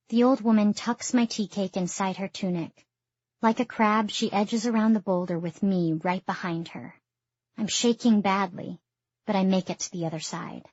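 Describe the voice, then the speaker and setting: A woman reading a first-person audiobook in a steady storytelling manner. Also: mid-range voice, husky, dry recording. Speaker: audiobook narrator. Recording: dull lo-fi dry recording.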